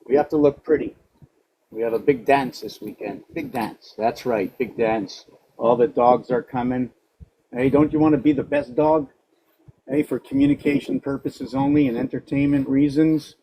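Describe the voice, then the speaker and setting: A man in his forties rambling playfully to his dog and working through letter-number sums out loud. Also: medium pitch, moderate pace, slight background noise, low-quality recording. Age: 40s. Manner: rambling, playful, talks to the dog in a sing-song way. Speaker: vlogger.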